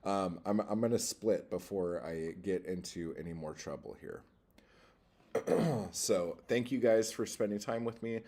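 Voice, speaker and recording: A man with a very low, husky voice chats on a casual livestream, reading comments aloud. He rambles and swears freely, getting worked up with little push. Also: measured pace, warm tone. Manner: profane, easily worked up, rambling. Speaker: livestream host reading chat.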